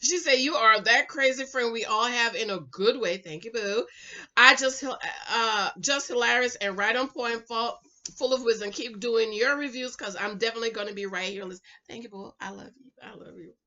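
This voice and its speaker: Brief: lively high-voiced woman from the islands, loud and playful reviewer, bright tone, dull lo-fi camera sound. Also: normal speed. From the Caribbean islands. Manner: animated, loud, laughs often, playful. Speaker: YouTube reality-show reviewer. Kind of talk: casual chat reading viewer comments. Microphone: camera mic, no microphone.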